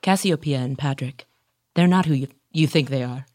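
A woman playing a nosy female space station captain, murmuring low and conspiratorially in an improvised comedy scene. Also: normal speed, a little mellow, dry recording, studio quality.

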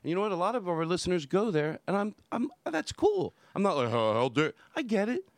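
A man's voice: sits high, big pitch swings, quick pace, creaky, no echo. A man hosting a podcast in casual chat, talking in a rambling, self-interrupting way. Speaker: podcast host. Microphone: headphones and studio mic.

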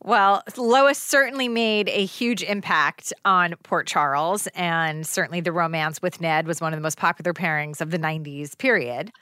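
Woman, podcast co-host, low bright voice, forceful, affirming, dry sound. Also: moderate pace, few pauses, no echo. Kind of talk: interviewing a guest.

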